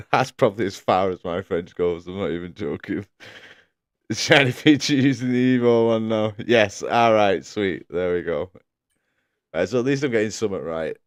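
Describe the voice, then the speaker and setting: A man's voice: lowish voice, moderate pace, dry recording, clean studio sound. A man commentating a sim racing league live stream, chatting casually, laughing often and reading out viewers' messages.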